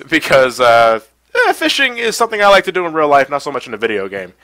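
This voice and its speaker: A man's voice: on the high side, huge pitch swings, fairly quick, pushed and bright, dry recording, rough recording. Stuffy-nosed man hosting a game stream. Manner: chatty, laughs often, reads chat aloud. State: stuffy from a cold. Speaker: livestream host. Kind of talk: casual gameplay commentary.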